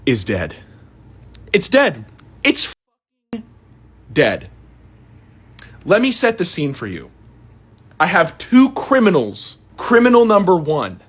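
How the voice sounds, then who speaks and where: A man's voice: high voice, a bit bright, breathy edge. A man doing a comedic, exasperated rant to camera, with theatrical outbursts. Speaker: social media creator.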